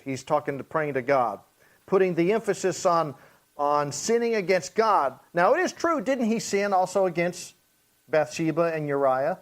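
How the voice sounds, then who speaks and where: A man with a fairly high voice leads a church Bible study. He reads verses slowly and deliberately, then breaks them down in plain conversational speech. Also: lively intonation. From Hawaii. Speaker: pastor teaching Bible study.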